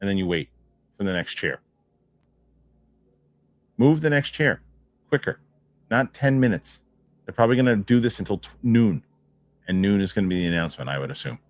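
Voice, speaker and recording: A man's voice: lowish voice, animated, normal speed, long pauses, no room sound. A man hosting a live stream, chatting casually and rambling, repeating himself as he reacts to viewer comments. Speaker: host of a film news live stream.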